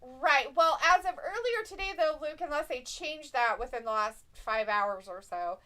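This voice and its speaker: A woman's voice: sits high, expressive, moderate pace, sharp tone. A woman with a Southern accent co-hosting a casual live watch-along, reading chat comments aloud and joking. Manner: chatty, reads chat comments aloud and jokes. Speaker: co-host reading viewer chat.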